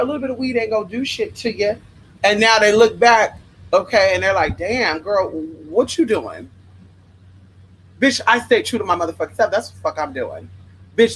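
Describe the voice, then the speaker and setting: Brief: young woman livestream host, sassy and foul-mouthed, mid-pitched voice, faint hiss behind. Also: poor audio. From Los Angeles. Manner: sassy, profane, emphatic, calls listeners honey. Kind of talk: spiritual advice rant on livestream.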